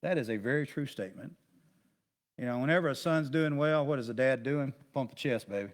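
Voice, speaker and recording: A man's voice: mid-range voice, fairly quick. Male pastor leading a casual Bible study; folksy, rambling teacher, chatty asides. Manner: rambling, conversational, with many restarts and asides; folksy, plain-spoken.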